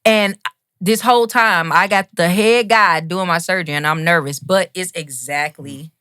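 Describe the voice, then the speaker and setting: A woman, a singer and radio host, telling an animated story as a podcast guest. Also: lowish voice, normal speed, clear, resonant tone, no echo, clean studio sound. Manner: animated, acts out quoted voices. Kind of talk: casual storytelling chat.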